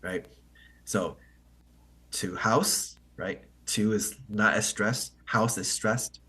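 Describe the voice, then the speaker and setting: A man hosting an online English meeting, explaining poetry to learners in a halting, think-aloud way and often checking with "right?". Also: fairly low pitch, steady tone, sharp tone, breathy edge.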